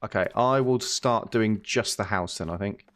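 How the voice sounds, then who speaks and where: A man in casual conversation while playing a game, chatty and quick to apologize. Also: on the low side, a crowd in the background. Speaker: co-host. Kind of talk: casual chat while gaming.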